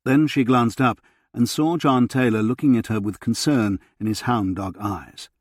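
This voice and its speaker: Studio-quality audio with no room sound captures a man narrating a historical novel as an audiobook reader. He reads the script in a measured, expressive manner, in a mid-range voice.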